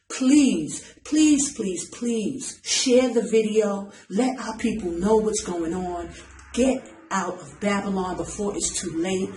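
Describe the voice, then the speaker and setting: A woman's voice: medium pitch, darkish tone, roomy sound, slight background noise, poor audio. A woman preaching an impassioned online message, urgent and pleading, repeating her phrases for emphasis. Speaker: self-styled preacher.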